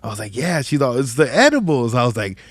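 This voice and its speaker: A man's voice: medium pitch, very animated, fast talker, no room sound, studio quality. A man hosting a podcast who tells a story in a casual, slangy, profane way. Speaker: podcast host. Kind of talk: casual chat.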